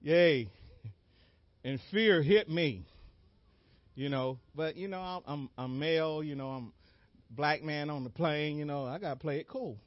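Guy preaching, tells it like a story, yells out bits and cracks up, fairly high voice, dull dry lo-fi audio. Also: moderate pace, dry recording. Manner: animated, comic reenactments with sudden shouted cries and laughter. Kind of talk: sermon storytelling.

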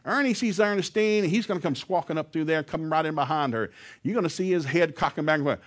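A man who preaches by telling stories and acting out the quoted lines loudly. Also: fairly high pitch, fast talker. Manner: animated, acts out quotes loudly. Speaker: preacher and former school teacher. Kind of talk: storytelling sermon.

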